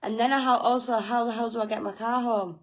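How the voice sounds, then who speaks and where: A woman's voice: on the high side, steady tone, quick pace. A woman telling a personal story in a casual vlog, frank and self-mocking, with plenty of swearing. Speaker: vlogger.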